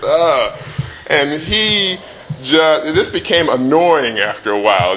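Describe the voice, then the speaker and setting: A middle-aged father telling a personal anecdote in a relaxed, animated way, acting out the voices. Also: mid-range voice, unhurried, slight background noise. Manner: animated, acts out the voices in his story. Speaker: storyteller.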